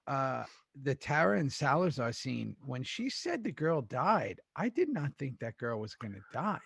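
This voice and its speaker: A middle-aged man hosting a podcast in casual chat, animated, swearing freely and laughing mid-sentence. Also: mid-range voice, unhurried, gravelly, husky. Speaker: podcast host recapping a TV episode.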